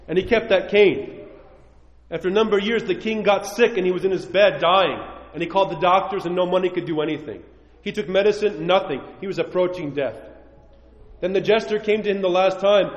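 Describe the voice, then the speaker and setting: A man preaching a sermon as a priest, telling a story earnestly and dropping to hushed closing phrases. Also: high-pitched, fairly quick, muffled recording. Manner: earnest storytelling with rising emphasis and hushed endings. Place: church. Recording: echoey church hall.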